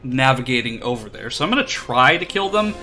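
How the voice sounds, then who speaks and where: Bright-voiced rambling male game streamer. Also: mid-range voice, sing-song, a little fast, soft background music. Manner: rambling, self-deprecating, lots of fillers. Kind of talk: casual chat while playing.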